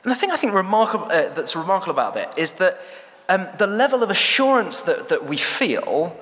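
Chatty, hesitant preacher. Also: male voice, sits high, very animated, brisk, a bit bright. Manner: chatty, hesitant, many fillers. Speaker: church staff member preaching. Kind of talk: sermon. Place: church. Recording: echoey church hall.

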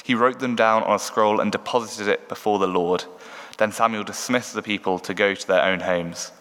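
A man giving a measured Bible reading in a church. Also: lowish voice, steady tone, a bit bright. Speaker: scripture reader. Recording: echoey church hall.

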